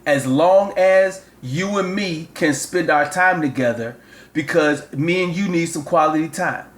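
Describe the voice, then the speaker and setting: A man's voice: a little high, unhurried. A man, a father and show host, rambling through a comic phone call and repeating himself as he lectures.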